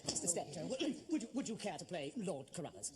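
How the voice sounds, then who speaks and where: An actor playing a fussy amateur theatre director who gushes and stammers. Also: male voice, high-pitched, big pitch swings, fast, a crowd in the background. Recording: noisy old TV soundtrack.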